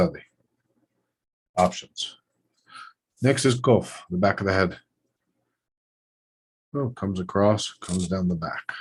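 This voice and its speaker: A man with a deep, slightly husky voice leads a hands-on lettering lesson. He narrates each stroke as he draws, in short phrases that trail off and pick back up. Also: darkish tone, low-quality recording. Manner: thinking aloud while drawing letters, short trailing phrases. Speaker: Hebrew lettering teacher. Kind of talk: relaxed instructional demonstration.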